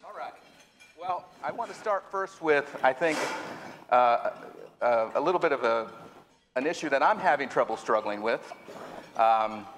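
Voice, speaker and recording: Joking moderator in a reverberant hall. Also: male voice, mid-range voice, lively intonation, unhurried, fairly bright tone. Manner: chatty, joking, with fillers and restarts. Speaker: panel moderator. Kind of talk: introducing panelists at a conference. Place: conference hall. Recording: reverberant hall, faint noise.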